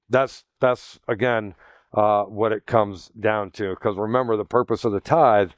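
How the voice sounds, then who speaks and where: Conversational preacher with a smooth voice. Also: male voice, mid-range voice, dry recording, clean studio sound. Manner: conversational, animated, acts out quoted voices. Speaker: pastor. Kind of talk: sermon.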